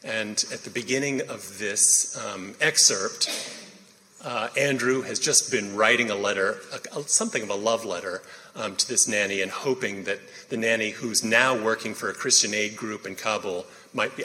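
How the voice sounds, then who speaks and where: A man introducing the cast of a play reading, halting with many pauses and fillers. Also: lowish voice, pushed and bright. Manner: halting, many ums and uhs. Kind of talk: casual spoken introduction. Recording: reverberant hall.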